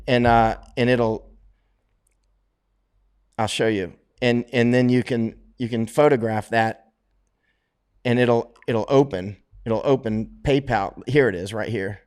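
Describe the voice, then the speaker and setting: A middle-aged man from Florida chats loosely on a livestream, answering viewers one by one. He rambles, restarts his sentences and laughs as he goes. His voice sits at an ordinary, middling pitch. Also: a little mellow. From Florida, United States. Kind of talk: casual livestream chat.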